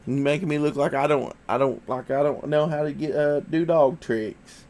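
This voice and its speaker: A man's voice: fairly high pitch, steady tone, normal speed, darkish tone. Laid-back male streamer with the sniffles, chatty and coaxing. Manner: easygoing, chatty, coaxing his dog. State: sniffly from allergies. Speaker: livestream host. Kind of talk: casual livestream chat.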